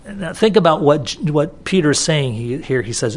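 A man's voice: fairly high pitch, animated, moderate pace. Conversational man preaching a sermon. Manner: conversational, repeats words for emphasis. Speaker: pastor. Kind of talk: expository sermon.

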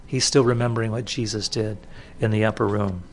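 A man's voice: fairly low pitch, flat delivery, brisk, slight background noise. A man preaching an expository sermon in a conversational way, often restarting and repeating words for emphasis. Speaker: pastor.

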